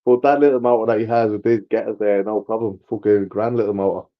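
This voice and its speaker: An Irish man talks bluntly in casual chat and swears as he retells arguments. His voice sits on the low side. The recording sounds dull and lo-fi. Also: steady tone, quick pace.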